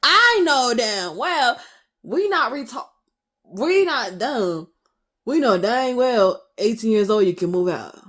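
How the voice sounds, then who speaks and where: A woman's voice: a little high, animated, takes it slowly, fairly bright tone. A woman in her twenties ranting passionately to camera in her vlog, firing off emphatic rhetorical questions. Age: 20s. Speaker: vlogger.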